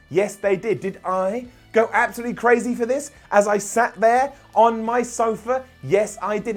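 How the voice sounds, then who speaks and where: Animated, high-pitched sarcastic man. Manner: sarcastic, animated, jokey asides. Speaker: wrestling show reviewer. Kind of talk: opinionated recap commentary. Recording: light background music.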